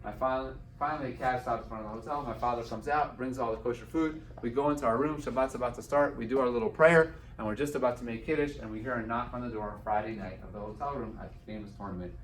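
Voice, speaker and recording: A man's voice: mid-range voice, quick pace, few pauses, a little hiss or hum. A man speaking at an event, telling a personal story and slipping into the voices of the people in it. The room is echoey and he sits some distance from the microphone, so the sound feels open and roomy. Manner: animated storyteller acting out quoted dialogue. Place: event hall.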